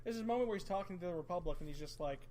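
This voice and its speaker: High-voiced man chatting excitedly on a podcast. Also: rapid-fire, slight background noise. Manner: animated, rambling, restarts often. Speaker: podcast host. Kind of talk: casual chat.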